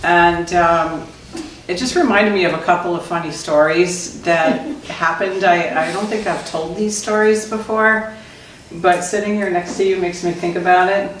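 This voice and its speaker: A woman's voice: lowish voice, fairly even intonation, moderate pace. Woman telling funny stories in an echoey hall. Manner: laughing often while telling anecdotes. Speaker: Zen teacher. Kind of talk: storytelling talk. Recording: echoey room, distant mic, noisy.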